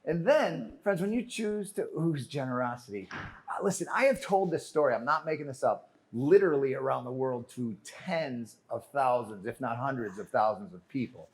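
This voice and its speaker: A man's voice: mid-range voice, moderate pace. A man giving a motivational keynote on stage, telling a story with jokes and calling the audience "friends". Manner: animated, joking, calls the audience "friends". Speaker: keynote speaker. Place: conference stage before a live audience.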